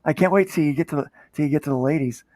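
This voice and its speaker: A man's voice: fairly high pitch, racing, darkish tone, dry recording. Teasing, laughing man co-host. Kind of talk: casual chat.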